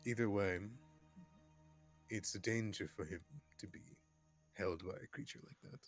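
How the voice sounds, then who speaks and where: A man playing a tabletop role-playing game, speaking in a measured way. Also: fairly low pitch, soft background music. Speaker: player.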